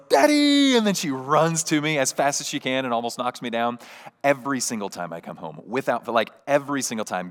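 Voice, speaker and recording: A man in his thirties preaching a sermon as pastor, talking in an earnest, conversational way with many restarts and little asides to the congregation. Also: medium pitch. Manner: laughs warmly while telling stories.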